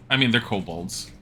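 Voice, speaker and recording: A man's voice: mid-range voice, sharp tone, a little hiss or hum. A man streaming a game live, giving wry, casual commentary that swears now and then and reads menu choices aloud.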